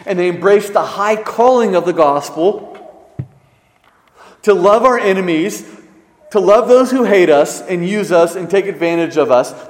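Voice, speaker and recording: A man preaching a sermon as pastor, swinging between loud emphasis and hushed, low stresses. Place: church sanctuary. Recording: echoey church hall.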